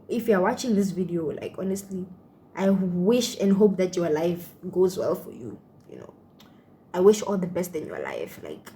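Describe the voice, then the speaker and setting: A woman's voice: mid-range voice, dark tone, a little hiss or hum. A young woman from Botswana with a Botswana accent, telling a personal story on her vlog in a chatty way full of fillers. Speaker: YouTuber.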